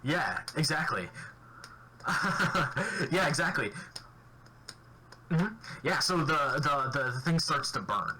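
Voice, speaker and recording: A man narrating a tabletop role-playing game as game master, halting with many fillers and restarts. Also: on the high side, big pitch swings, pushed and bright, rough recording. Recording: faint background noise.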